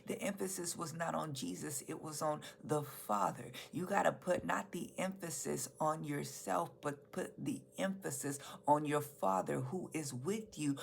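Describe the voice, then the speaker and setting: Low gravelly woman preaching. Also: slight background noise. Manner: earnest, emphatic preaching with repeated phrases. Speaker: pastor. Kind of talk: sermon.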